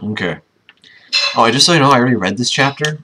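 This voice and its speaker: A man's voice: mid-range voice, expressive, quick pace, noisy background. A man reading a book aloud and breaking off into sarcastic, mocking commentary between passages. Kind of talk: casual dramatic reading with commentary.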